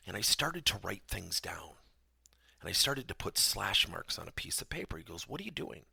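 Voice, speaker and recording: A man with a gravelly, bright-edged voice delivers a podcast lesson. His pitch swings widely as he tells stories, and the sound is dry and close, with a husky grain. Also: normal speed, no echo. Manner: animated storytelling, acts out dialogue in raised voice. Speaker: podcast host and trainer.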